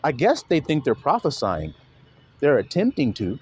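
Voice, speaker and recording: A man's voice: medium pitch, wildly swooping pitch, normal speed, a little mellow, slightly rough. A man preaching in a casual, blunt monologue, emphatic and profane, often mimicking other people's voices.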